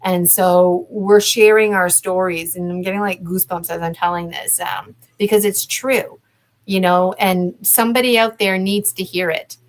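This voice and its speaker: A woman's voice: fairly low pitch, steady tone, normal speed, low-quality recording. A woman from Canada, a guest on a video-call interview, talking in a rambling, reflective way with many fillers. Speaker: guest promoting a conference.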